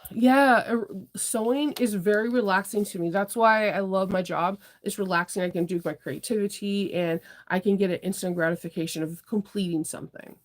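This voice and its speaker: A young woman chats casually on her sewing livestream, rambling from thought to thought and laughing often. Her voice sits at a middle pitch. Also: normal speed, few pauses. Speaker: livestream host, sewing shop owner.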